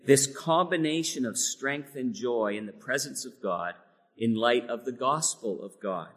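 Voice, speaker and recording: Earnest preacher in a reverberant hall. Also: male voice, mid-range voice, animated, measured pace, fairly bright tone. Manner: earnest, rises to emphatic peaks on key phrases. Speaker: pastor. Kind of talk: sermon. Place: church sanctuary.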